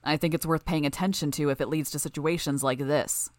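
Audiobook: level-headed young male lead, read by a woman, calm and low. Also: fairly quick, dry recording, lightly acted. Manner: calm, even. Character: calm steady young male team spokesman.

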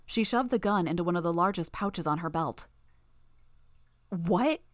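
A woman narrating a first-person audiobook in a steady storytelling manner. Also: lowish voice, a little fast, dry recording, clean studio sound.

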